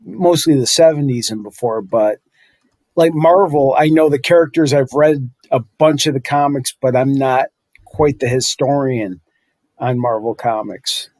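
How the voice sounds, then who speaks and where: A man's voice: mid-range voice, measured pace, darkish tone, dry recording. A middle-aged man co-hosting a podcast in casual chat, rambling and correcting himself as he goes. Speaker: podcast co-host.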